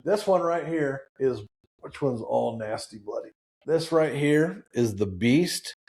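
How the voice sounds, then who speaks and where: A man in his forties hosting a live talk show, preachy and animated, with lots of restarts and acted-out quotes. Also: medium pitch, slow, breathy edge. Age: 40s. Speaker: show host.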